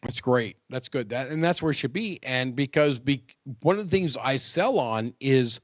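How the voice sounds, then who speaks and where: A man's voice: mid-range voice, expressive, moderate pace, no echo, highs cut off. A man co-hosting a podcast in casual chat, rambling, joking and swearing freely. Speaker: podcast co-host.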